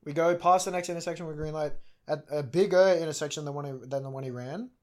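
A young man co-hosting a podcast, telling stories in casual chat with lively, sweary delivery. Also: fairly high pitch, fast. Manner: animated storytelling with swearing. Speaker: podcast co-host.

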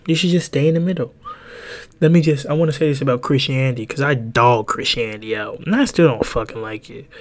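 A young adult man hosting a podcast, ranting casually in a rambling, profane way that jumps between pitches. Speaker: podcast host.

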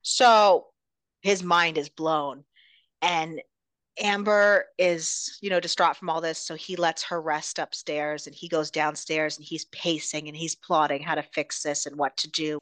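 A woman's voice: sits low, fairly even intonation, unhurried, fairly bright tone, no echo. A woman co-hosting a podcast, recapping a novel in casual chat with dramatic, suspense-building storytelling. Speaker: podcast co-host.

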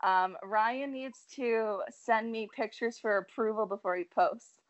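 A woman's voice: fairly high pitch, a little slow, highs cut off. A young woman co-hosting a casual podcast, teasing her co-host and laughing often. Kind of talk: casual chat.

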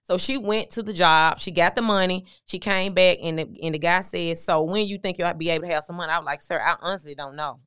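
Guest, woman, middle-aged, low and smooth voice, dry close sound, conversational storytelling. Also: a little fast, hardly any pauses, fairly bright tone, no echo. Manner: conversational, recounting with quoted dialogue. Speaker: guest, motivational speaker. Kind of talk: candid storytelling interview.

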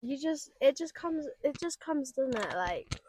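Woman, podcast guest, higher voice, giggly and sweary, dry close sound. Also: animated, a little slow, a little mellow, dry recording. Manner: bubbly, laughs often, swears casually. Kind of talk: casual chat. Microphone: podcast mic.

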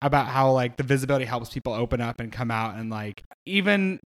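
A man co-hosting a casual podcast, rambling through quick asides. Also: mid-range voice. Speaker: podcast co-host. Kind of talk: casual chat.

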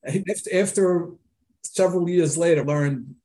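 A man's voice: a little high, measured pace, dark tone. Older male host with a folksy way of telling stories. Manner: anecdotal storyteller, folksy. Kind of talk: casual interview talk.

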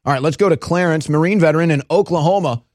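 A man hosting a call-in radio show, taking callers and breaking into animated mocking impressions. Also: fast talker, no room sound, clean studio sound. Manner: animated, jumps into high mocking voices for impressions. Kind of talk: talk radio host taking calls.

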